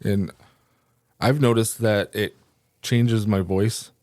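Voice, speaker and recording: A man's voice: fairly low pitch, fairly even intonation, slow pace, darkish tone, no room sound, clean studio sound. A man co-hosting a podcast with a slight lisp, chatting in an upbeat way and laughing often. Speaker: podcast co-host. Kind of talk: casual chat.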